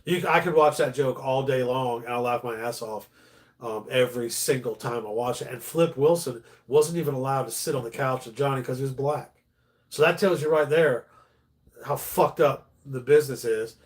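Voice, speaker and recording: A man's voice: mid-range voice, normal speed. A middle-aged man, a stand-up comedian, chatting casually on a livestream, rambling with many restarts and swearing freely.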